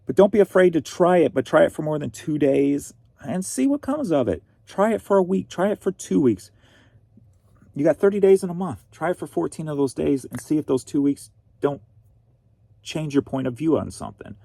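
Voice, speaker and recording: A man's voice: a little high, animated, moderate pace, creaky, dark tone, dry recording. A man from Missouri, a reselling vlogger with a sore throat, chatting in a rambling, wry way. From Missouri, USA. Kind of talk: casual vlog chat.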